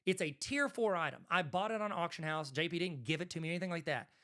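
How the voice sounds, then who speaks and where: Southern man with a slightly high voice. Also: quick pace, fairly bright tone. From Arkansas, USA. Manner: conversational, rambling, self-correcting asides. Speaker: host, card collector. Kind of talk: casual talking-head commentary.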